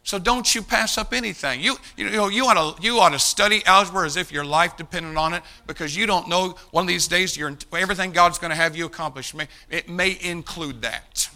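Male preacher, bright, slightly high voice, emphatic, calls out to the congregation. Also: brisk, few pauses. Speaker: pastor. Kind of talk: sermon.

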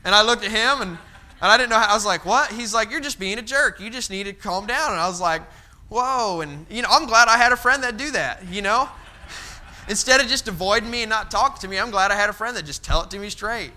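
A man's voice: high voice, fast, pushed and bright. A young man preaching a folksy sermon, telling stories and acting out his father's stern voice. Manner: folksy, storytelling, acts out his dad's stern voice.

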